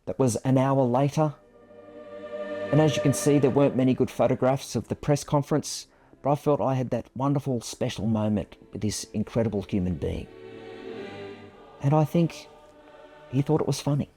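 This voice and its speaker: A man's voice: medium pitch, normal speed, pauses often, warm tone, faint music behind. A man in his fifties, a photographer, telling a personal story to camera in a reflective, self-deprecating way.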